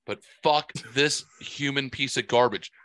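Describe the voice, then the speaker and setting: A man's voice: mid-range voice, measured pace, a bit bright, no room sound. A man hosting a podcast, ranting angrily and cursing constantly in casual chat. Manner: profane angry ranting. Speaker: podcast host.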